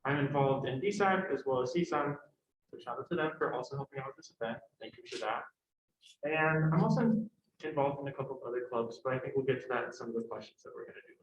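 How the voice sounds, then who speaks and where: A young man, a college sophomore, speaking as a student panelist in a quick, earnest and chatty way. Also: medium pitch, a little hiss or hum. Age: young adult. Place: university event room. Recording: echoey room, dull lo-fi sound.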